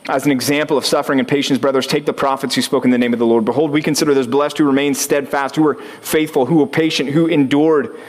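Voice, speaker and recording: A man's voice: mid-range voice, fairly even intonation, fast talker, hardly any pauses. A man preaching a sermon as pastor, talking conversationally, putting questions to the congregation and building to rising intensity.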